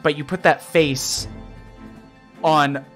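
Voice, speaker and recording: A man's voice: on the high side, fairly even intonation, slow pace, fairly bright tone. Casual man narrating as dungeon master. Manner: chatty, loose narration with many fillers. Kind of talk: narrating a tabletop game. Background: faint music.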